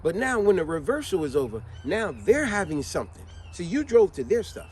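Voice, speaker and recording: A man's voice: high-pitched, very animated, brisk, a little mellow. Man, casual motivational rant, faint vehicle noise behind. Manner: conversational, emphatic, repeats questions to the listener. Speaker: motivational speaker. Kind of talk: motivational monologue.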